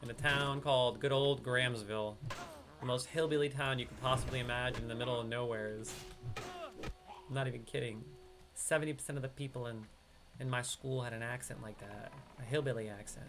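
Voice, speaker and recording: A little fast and medium in pitch, this male streamer from upstate New York trades slangy, excitable banter with his teammate during an online game. There's slight background noise as he commentates live.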